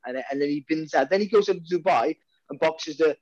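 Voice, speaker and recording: A man's voice: on the high side, a little fast, a little mellow, no room sound, muffled recording. A man with a Welsh accent, a boxing commentator chatting casually and restarting his sentences often. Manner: rambling, many restarts and repeated words. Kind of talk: casual podcast chat.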